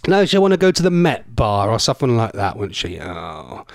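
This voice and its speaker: This radio host has a low-leaning, gravelly voice and is very animated, though he talks at a normal speed. He wanders chattily through listener messages, teasing the audience with mock-posh asides, and the recording is studio quality without echo.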